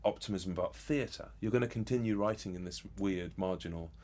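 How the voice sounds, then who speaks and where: A man in his forties interviewing a playwright, asking measured, thoughtful questions with small stumbles. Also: deep voice, a little mellow.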